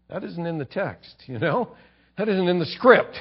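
A man with a somewhat high voice gives a conversational sermon. He acts out quotes along the way and sinks low and soft to land his points. The recording is muffled and lo-fi. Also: lively intonation, normal speed, husky. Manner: conversational preaching with acted-out quotes and emphatic drops in pitch. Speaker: pastor.

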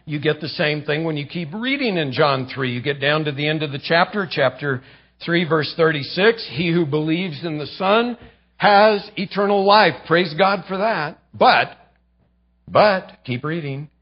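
Emphatic preacher with a dull lo-fi sound. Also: male voice, a little high, lively intonation, a little slow. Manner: emphatic preaching, swinging from loud to quiet. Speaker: pastor. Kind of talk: sermon.

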